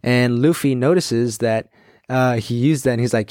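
Excited man hosting a solo podcast. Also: mid-range voice, moderate pace, dry recording, studio quality. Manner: excited, loose, full of fillers and quoted asides. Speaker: podcast host. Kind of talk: casual solo podcast chat.

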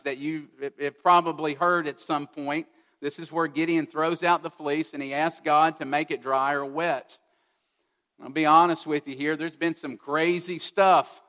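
A man's voice: on the high side, a bit bright. Earnest preacher man in a reverberant hall. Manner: earnest preaching, asks the listeners direct questions. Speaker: pastor. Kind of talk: sermon.

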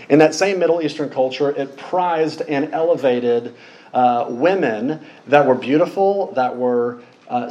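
A pastor preaching a conversational sermon, telling stories informally with joking asides and frequent fillers. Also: male voice, medium pitch, darkish tone, rough recording.

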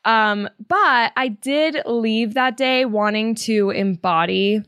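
A young woman hosting a podcast, telling a story in a casual, animated way, laughing often and acting out quotes in high voices. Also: takes it slowly, no room sound, clean studio sound. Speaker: podcast host.

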